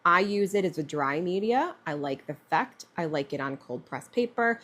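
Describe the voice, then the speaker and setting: A woman's voice: on the low side, lively intonation, normal speed, fairly bright tone. A woman artist talking through a live painting demonstration in a chatty way, thinking aloud with fillers. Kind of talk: live-streamed painting demo.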